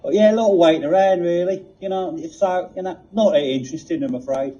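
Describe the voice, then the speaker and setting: A man's voice: sits high, fast, warm tone, close to an everyday voice. A man voicing a bored, laid-back male talking police box with a Cockney accent, rambling and padding his talk with "you know what I mean". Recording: dull lo-fi recording.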